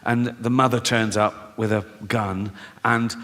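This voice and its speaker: A man's voice: on the low side, level tone, a little slow. A man doing stand-up comedy, swearing, acting out bits, and laughing at his own jokes. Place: large theatre with audience. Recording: live hall recording with loud crowd laughter.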